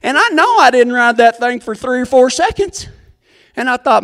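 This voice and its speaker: High-voiced man spinning a yarn. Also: very animated, normal speed, fairly bright tone, in a large hall. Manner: folksy, rambling, self-deprecating. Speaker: storyteller. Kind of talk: comic storytelling.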